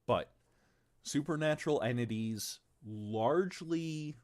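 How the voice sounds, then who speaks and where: A man with a very deep, low-pitched voice talks casually on a livestream about his tabletop game. He rambles, swears freely and trips over his words as he answers chat. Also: animated, a little slow. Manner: rambling and profane, with stumbles and asides to chat. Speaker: game designer presenting his tabletop game on stream.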